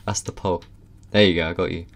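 A man hosting a casual gameplay video, excitable and constantly giggling as he plays. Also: low-pitched, fast talker, a little hiss or hum. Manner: giggly, excitable, laughs a lot. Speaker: gaming channel host.

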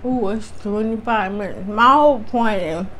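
A woman's voice: mid-range voice, moderate pace, a bit bright, slight background noise. A woman vlogger with a strained voice, telling a personal story to her viewers in a candid, chatty way. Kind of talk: casual storytime chat.

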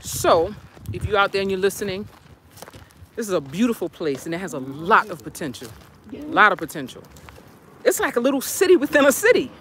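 A woman's voice: mid-range voice, big pitch swings, a little fast, fairly bright tone, slight background noise. A woman who is an educator, talking earnestly and from the heart in a casual outdoor live stream.

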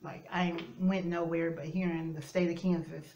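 A woman's voice: on the low side, little pitch movement, normal speed, a little mellow, highs cut off, a little hiss or hum. A woman vlogger chatting casually to the camera in her home kitchen, rambling along with lots of fillers. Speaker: mukbang vlogger.

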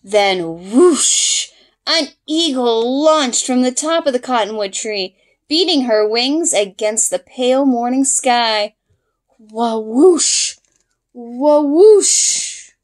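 A woman's voice: sits high, measured pace. A woman reading a picture book aloud, acting out playful sound effects. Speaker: storyteller.

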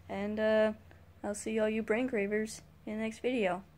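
A woman's voice: mid-range voice, level tone, measured pace, a little mellow. A teenage girl vlogging a casual rant to camera, rambling and sighing as she complains. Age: teens. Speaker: YouTube vlogger.

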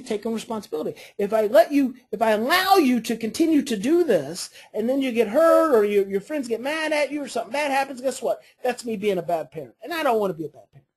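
A woman coaching a parenting class, explaining earnestly and modeling calm phrases to say. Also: on the high side, breathy edge.

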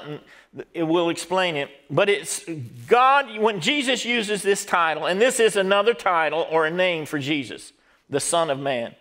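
A man's voice: high-pitched, fairly bright tone. A middle-aged man, a pastor preaching a sermon and drawing call-and-response from the congregation.

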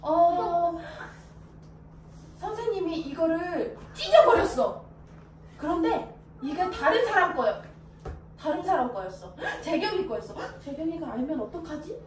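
A young woman teaching little kids English, her voice very high and swinging widely as she playfully acts out each feeling. She sounds set back from the mic in an echoey classroom, with faint noise underneath. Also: lively intonation, racing, pauses often, far from the mic. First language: Korean. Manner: playful, acts out emotions with exaggerated voice. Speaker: English teacher of kindergarten children. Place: classroom with small children.

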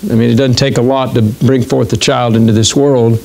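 A middle-aged man preaching a sermon as pastor in a church, talking conversationally and haltingly with many fillers and restarts. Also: medium pitch, flat delivery, creaky, darkish tone, slight background noise.

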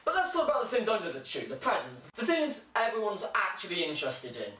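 A young man delivering a sarcastic comic monologue, breaking into shrill mocking voices. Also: wildly swooping pitch, quick pace, bright, forceful tone. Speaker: comedian. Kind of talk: stand-up style comic monologue. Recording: echoey room, mic held far off.

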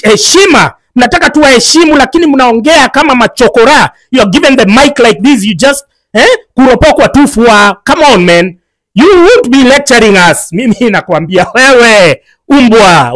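A woman's voice: high voice, no room sound, poor audio. A woman with a Kenyan accent delivering an angry, insulting political rant, mixing in Swahili and swearing often. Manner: furious, insulting, profane, mixes English and Swahili.

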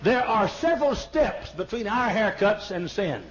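High-voiced older preacher on lo-fi tape. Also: male voice, sing-song, measured pace, noisy background. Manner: emphatic preaching with stammered repeats and sudden shouts. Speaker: pastor. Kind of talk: sermon. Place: large church auditorium. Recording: dull lo-fi archival sermon tape.

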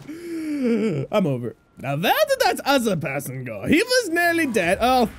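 A young woman giving loud, excitable gameplay commentary, swearing and laughing often. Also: high-pitched, no room sound. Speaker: gameplay streamer.

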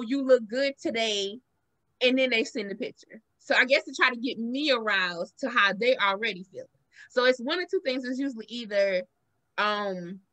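A woman with a Southern accent hosts a casual podcast chat, telling stories with lively acted-out quotes. Her voice sits high and sounds bright and forward. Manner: animated storytelling, acts out quotes with big pitch jumps. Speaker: podcast host.

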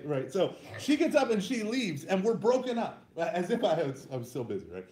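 Animated, self-mocking storytelling man. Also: on the high side, brisk, roomy sound. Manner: self-deprecating, animated, laughs at own stories. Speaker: youth minister speaker. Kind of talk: humorous personal storytelling talk.

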